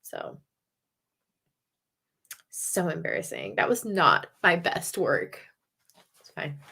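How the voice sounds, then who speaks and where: A woman hosts a casual watch-party stream, talking in a chatty, self-deprecating way. Her pitch moves up and down a lot as she talks. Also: wildly swooping pitch, slow pace, gravelly, pushed and bright, slightly rough. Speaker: livestream host.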